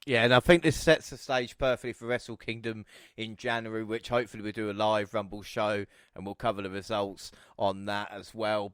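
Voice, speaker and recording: A man hosting a podcast, lively and chatty, running through the matches in casual talk. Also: mid-range voice, clear, resonant tone, no room sound, studio quality. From England. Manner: lively, chatty, laughs easily. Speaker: podcast host. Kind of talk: casual chat.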